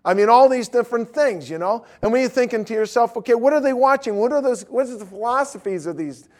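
Man in his fifties, high voice, lively storytelling teacher, emphatic questions. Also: fast talker. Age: 50s. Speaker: evangelism teacher. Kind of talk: classroom teaching talk.

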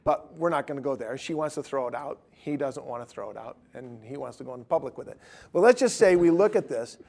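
A male pastor preaching a sermon with great passion, swinging from loud urgent declarations to quiet joking asides. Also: medium pitch, expressive, brisk, gravelly.

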